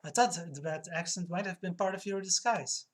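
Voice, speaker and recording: A woman voicing a nervous female music-store clerk who is secretly an agent, speaking high and stammering. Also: moderate pace, natural voice. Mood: flustered.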